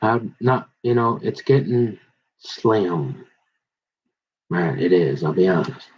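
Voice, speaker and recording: Husky middle-aged man rambling folksy. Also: low-pitched, animated, slow pace. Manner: rambling, folksy, confrontational, with slang. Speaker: vlogger. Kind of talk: rambling monologue to camera. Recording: dull lo-fi recording.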